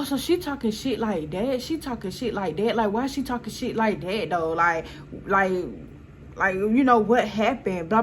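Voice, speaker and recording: A young woman, telling a storytime in a casual, animated way, swearing and often quoting people. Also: medium pitch, a little hiss or hum. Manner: animated, swearing, laughs often, quotes people in quick bursts. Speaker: storyteller vlogger.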